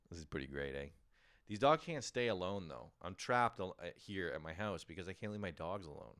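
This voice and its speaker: A man's voice: sits low, animated, moderate pace, pauses often, a bit bright. A man hosting a casual comedic monologue from home, rambling, self-mocking and swearing freely. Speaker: podcast host.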